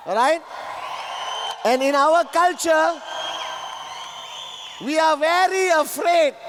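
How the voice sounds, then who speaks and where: A man giving a motivational stage speech, emphatic and repetitive, sometimes shouting at the audience. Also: very high-pitched, slight background noise. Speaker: motivational speaker. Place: large event hall. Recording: long reverb of a large hall.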